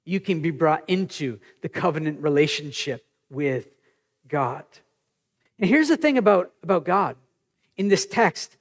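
A man in his thirties, a pastor, preaching a sermon in an animated, conversational way with personal stories. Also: on the high side, a little slow.

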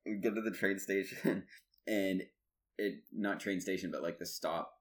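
A man's voice: deep voice, steady tone, unhurried. A young man co-hosting a podcast in casual chat, telling stories animatedly and laughing often. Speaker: podcast co-host.

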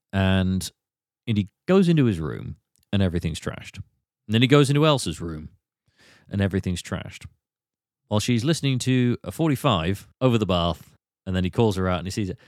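A man from Britain hosting a casual film podcast, retelling scenes with animated swings and quick put-on voices. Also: lowish voice, no room sound, clean studio sound. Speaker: podcast host.

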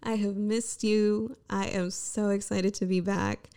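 A woman in her thirties hosts her own podcast solo, chatting casually and candidly, swearing freely and giving herself a self-mocking pep talk. Her mid-range voice is steady, dark, clear and resonant, with a measured pace, recorded on a podcast microphone.

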